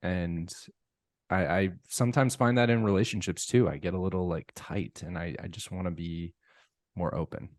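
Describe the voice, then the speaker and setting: A man with a deep, low voice co-hosting a casual podcast, recorded dry and close in a studio. He tells his stories with energy and jumps into acted-out dialogue. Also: normal speed, no echo. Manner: animated storyteller who acts out dialogue. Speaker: podcast co-host.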